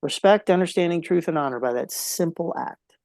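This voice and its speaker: A man's voice: fairly high pitch, a little fast, a little mellow, no echo. A man speaking as a podcast guest, telling a heartfelt story in an earnest way and repeating key phrases for emphasis.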